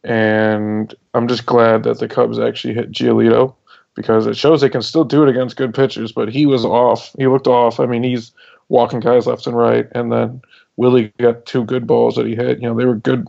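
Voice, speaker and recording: A man's voice: medium pitch, gravelly, darkish tone, lo-fi sound. A young man on a sports podcast, venting in a rambling, casual way and swearing now and then. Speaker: podcast co-host.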